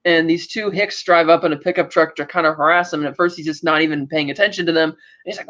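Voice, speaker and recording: Man, podcast co-host, high voice, casual plot recap, paraphrasing, rambling, dull lo-fi sound. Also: fast, bright, forceful tone. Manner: loose retelling, paraphrasing characters' lines with "blah, blah, blah". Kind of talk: casual chat recapping a TV episode.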